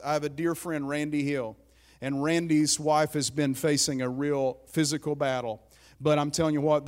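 A pastor preaching a sermon in an emphatic, conversational way, often checking in with his listeners. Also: on the high side.

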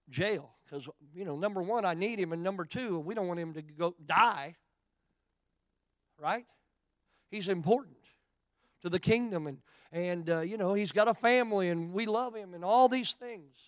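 Man, oklahoma accent, middle-aged preacher, high voice, dry close sound. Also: no echo. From Oklahoma, USA. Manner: animated, swings from quiet asides to loud emphatic preaching. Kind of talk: sermon storytelling.

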